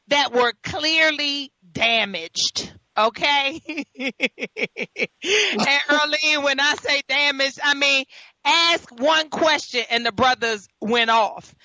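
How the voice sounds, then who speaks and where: A woman's voice: high-pitched, no room sound. A woman from New York hosting a talk show, telling stories in casual chat with laughing asides. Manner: storytelling, laughing, animated asides. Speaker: host. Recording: dull lo-fi audio.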